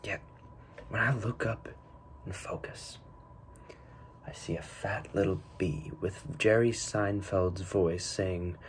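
A man's voice: low-pitched, fairly even intonation, slow pace, long pauses, a little hiss or hum. A man narrating a scripted video essay in an earnest, mock-serious tone.

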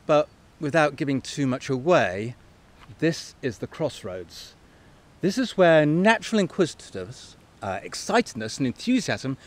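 Enthusiastic male storyteller reading aloud, animated pitch, mid voice. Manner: lively, enthusiastic, expressive. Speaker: bookshop reader. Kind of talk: reading a picture book aloud with commentary.

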